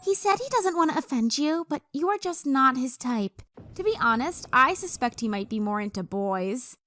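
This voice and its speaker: A woman's voice: high voice, lively intonation, normal speed, a bit bright, soft background music. A woman voicing a scheming young female rival who talks in a smug, teasing way.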